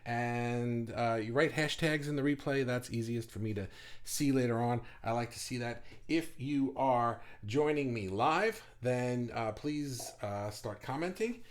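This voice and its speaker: Man, livestream host, casual rambling chat, lots of fillers, middle pitch, desk mic. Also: measured pace. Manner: rambling, chatty, with many fillers and restarts. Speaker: host of an online art group livestream.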